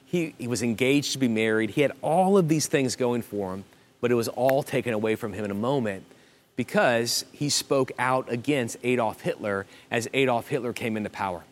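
A man preaching a sermon as pastor of his church, in an earnest way with halting restarts and emphatic repetition. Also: mid-range voice. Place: church auditorium.

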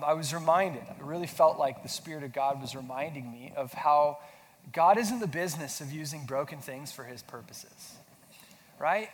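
A pastor preaching a sermon, feeling sick, talking casually and asking his congregation questions. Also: fairly high pitch. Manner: conversational, self-deprecating humor, asks the audience questions. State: sick with flu. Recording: long hall reverb, faint noise.

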